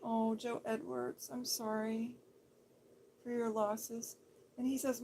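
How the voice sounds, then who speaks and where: A woman from Seattle talks slowly and softly on a livestream, her voice sitting a little high. She answers viewer comments one by one in a gentle, sympathetic way and now and then slips into a whisper. A faint hum of background noise sits under her voice. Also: flat delivery, vocal fry. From Seattle, Washington State. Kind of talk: casual soft-spoken livestream chat.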